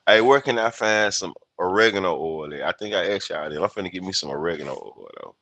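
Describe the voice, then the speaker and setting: A low-voiced man in his fifties with a Southern Memphis accent, talking casually and profanely to his livestream viewers. His voice has a gravelly edge, and the sound is dry and close to the mic. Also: sing-song, fast talker, a bit bright, no room sound. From United States. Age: 50s. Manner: loose, rambling and profane, laughs at himself. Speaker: livestream host.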